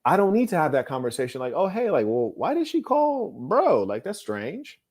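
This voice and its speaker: A man's voice: a little high, wildly swooping pitch, moderate pace, a little mellow. A man talking in a blunt, dismissive monologue full of slang, often asking "you hear me?". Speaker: host. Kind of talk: casual monologue.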